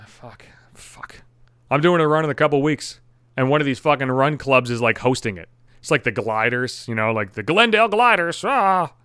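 A man's voice: a little high, pushed and bright, clear, resonant tone, no room sound, studio quality. A man hosting his own podcast, ranting at home with constant swearing and exasperation. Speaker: podcast host. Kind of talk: profane comedic rant.

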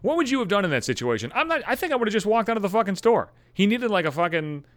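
A man telling a personal story to camera in a profane, animated way, acting out his own thoughts. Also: sits high, racing, no echo. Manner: animated, swearing, acts out his own inner voice. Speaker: vlogger.

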